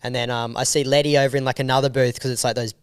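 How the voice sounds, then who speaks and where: Smooth-voiced Australian man telling a story. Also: mid-range voice, rapid-fire, no room sound, clean studio sound. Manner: animated, rambling, casual swearing. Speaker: filmmaker guest. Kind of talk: casual storytelling interview.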